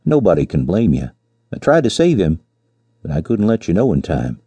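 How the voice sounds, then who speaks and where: A man voicing a smooth-talking young cowboy who spins a tale in a folksy, mock-mournful way. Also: low voice, huge pitch swings, moderate pace, mellow, dry recording, exaggerated voice. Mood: mournful, glib.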